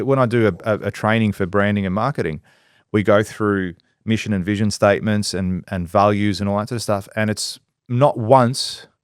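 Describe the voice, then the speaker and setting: Man, business-owner co-host, blunt and foul-mouthed, mid-pitch, dry close sound. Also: clean tone, no echo. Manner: blunt and profane, acts out quoted people in lively voices. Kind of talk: casual podcast discussion.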